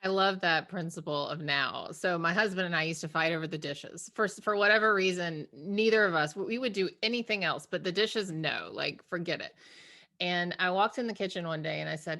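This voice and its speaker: A woman hosting a podcast, chatty and expressive, who laughs easily. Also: fairly low pitch, moderate pace. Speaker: podcast host. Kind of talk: casual interview talk.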